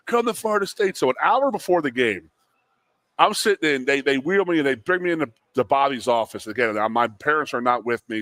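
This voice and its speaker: This sports radio co-host, a former college lineman in his forties, spins a long story during casual talk in a restaurant studio. He acts out the quotes of the people involved, raising his voice as an animated storyteller. His voice is medium-pitched, with no room sound.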